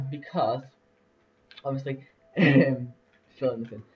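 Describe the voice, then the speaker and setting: A man's voice: medium pitch, slow pace. A young man casually commentating a building game, rambling with lots of fillers and laughs. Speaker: let's play host. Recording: distant lo-fi mic.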